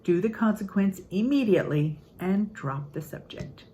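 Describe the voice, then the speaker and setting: An older woman, a grandmother, giving an earnest, upbeat casual talk on parenting, acting out quotes in lively voices. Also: medium pitch, moderate pace, slight background noise, rough recording. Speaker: parenting channel host.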